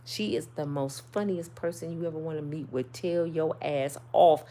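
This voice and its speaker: A middle-aged woman, telling viewers a personal story in a casual, sassy, animated way. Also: deep voice, moderate pace, slight background noise. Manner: animated, sassy, swings between loud and soft. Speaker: channel host.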